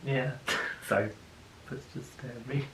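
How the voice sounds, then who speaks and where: A man chatting casually beside his wife, relaxed and full of fillers. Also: mid-range voice, slow pace, a little hiss or hum. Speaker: co-host, groom. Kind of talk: casual chat. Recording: roomy sound with faint music.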